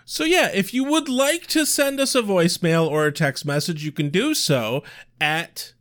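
A man co-hosting a podcast in casual chat, measured and wry, sometimes rambling. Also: high voice, fairly bright tone. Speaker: podcast co-host.

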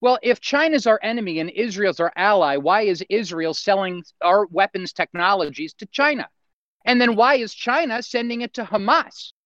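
A man's voice: high voice, moderate pace, fairly bright tone, dry recording. A man calling in while eating dinner, ranting in an agitated way. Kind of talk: casual call-in rant. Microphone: remote call audio. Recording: dull lo-fi call audio.

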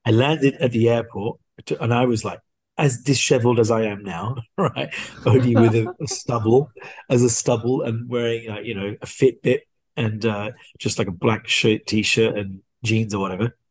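Man, husky voice, dry close sound, animated casual storyteller, podcast guest. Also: medium pitch, moderate pace, no room sound. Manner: animated, acts out dialogue. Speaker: guest watch collector.

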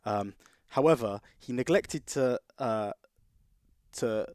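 A man's voice: mid-range voice, takes it slowly, darkish tone, smooth, no room sound, clean studio sound. A man co-hosting a podcast, talking casually and telling rambling stories full of restarts. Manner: rambling storyteller, restarts sentences. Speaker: podcast co-host.

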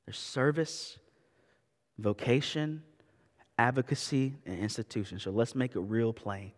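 A man's voice: mid-range voice, measured pace, in a large hall. A man in his thirties preaching a sermon as a pastor, in a conversational way with asides and repeated words. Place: church sanctuary.

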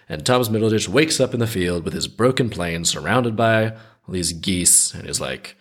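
Male host, casual storyteller, deep husky voice. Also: lively intonation, normal speed, a bit bright. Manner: chatty, conversational. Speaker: podcast host.

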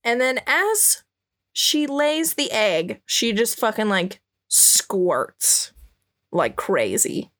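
A woman's voice: a little high, sing-song, extremely slow, fairly bright tone. A woman podcast host chatting casually through a comic, giggly and full of fillers. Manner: giggly, lots of "like". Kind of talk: casual chat describing a comic.

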